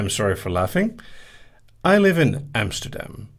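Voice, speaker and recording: A man's voice: fairly low pitch, animated, measured pace, vocal fry. A man hosting a casual live-stream Q&A, reading out listener questions and answering them briefly with light laughs. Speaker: hypnosis host.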